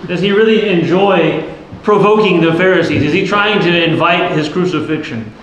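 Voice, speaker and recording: A man preaching a sermon as a priest, earnest and explanatory, often asking the listeners questions. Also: high-pitched. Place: church. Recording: very echoey church with faint noise.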